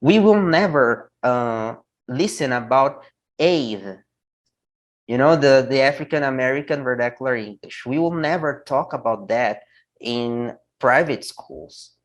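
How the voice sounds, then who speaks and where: A man's voice: medium pitch, a little slow, poor audio. Blunt Brazilian man with a Portuguese accent. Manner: blunt, opinionated, animated when making a point. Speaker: English teacher. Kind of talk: casual conversation.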